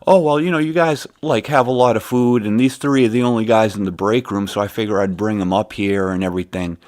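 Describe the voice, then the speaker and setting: A man's voice: lowish voice, steady tone, fairly quick, darkish tone, natural voice. A man putting on the voice of a placating male workplace manager who soothes and explains.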